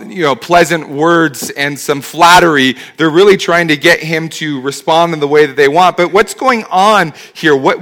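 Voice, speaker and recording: A man's voice: fairly high pitch, fairly bright tone. A man preaching a sermon as pastor, speaking conversationally and asking rhetorical questions.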